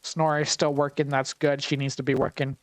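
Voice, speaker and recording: Guy narrating his game casually, wry and chatty, voice sits a bit high. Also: level tone, a little fast, no room sound. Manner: wry, chatty, thinks aloud. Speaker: gameplay commentator. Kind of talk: casual gameplay commentary.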